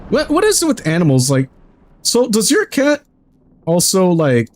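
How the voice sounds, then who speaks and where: A man's voice: high voice, wildly swooping pitch, moderate pace, slight background noise. A man streaming a game, chatting casually in a rambling, jokey way and swearing freely.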